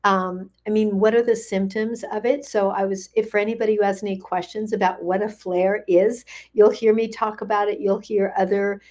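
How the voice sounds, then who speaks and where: A woman's voice: mid-range voice, level tone, normal speed, few pauses, darkish tone. An older woman hosting a casual livestream as a gut health coach, chatty and friendly, greeting viewers by name with frequent ums.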